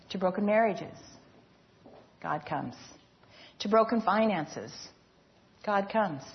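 A woman's voice: mid-range voice, highs cut off. Earnest woman preaching a sermon. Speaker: pastor.

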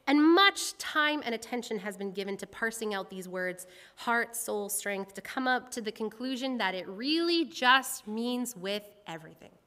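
A woman's voice: on the high side, expressive, moderate pace, hardly any pauses, bright, forceful tone. A woman preaching a sermon, leading her congregation in a reading and then explaining it in a conversational, earnest way. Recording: long hall reverb.

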